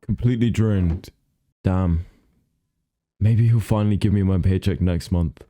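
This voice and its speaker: A man's voice: deep voice, measured pace, warm tone, dry recording. A man voicing a weary, underpaid employee who grumbles, fed up, in a Minecraft story. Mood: grumbling.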